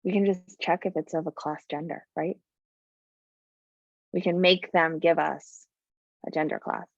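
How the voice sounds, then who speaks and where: Slow, gravelly woman thinking aloud in class. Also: on the low side, fairly even intonation, no room sound, lo-fi sound. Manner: halting, thinks aloud with many fillers; frank, blunt about client handling. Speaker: coding bootcamp instructor. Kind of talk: live coding lecture.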